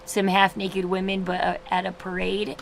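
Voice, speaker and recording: A woman's voice: mid-range voice, monotone, a little slow, vocal fry, slight background noise, rough recording. A woman in her thirties hosting a casual livestream, chatting in a rambling way with frequent restarts. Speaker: livestream host.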